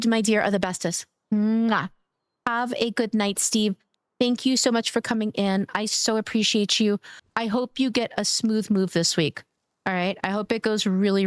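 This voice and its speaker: A woman streamer chatting casually with her viewers, gushing and affectionate as she thanks them by name, playful and quick to giggle. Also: medium pitch, no echo, studio quality. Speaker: live streamer. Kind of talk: casual live-stream chat.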